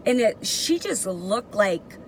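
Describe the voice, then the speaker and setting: A woman's voice: medium pitch, very animated, takes it slowly, a little hiss or hum, low-quality recording. Young woman telling an emotional story. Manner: emotional, profane, rambling with many fillers. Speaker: vlogger. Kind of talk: casual personal storytelling.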